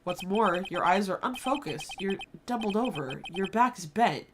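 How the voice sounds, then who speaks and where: A woman's voice: medium pitch, animated, moderate pace, noisy background. A woman playing a video game, reading its dialogue aloud in a playful way and adding goofy asides. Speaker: gaming streamer. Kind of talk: let's play with dialogue read aloud. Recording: music playing behind the voice.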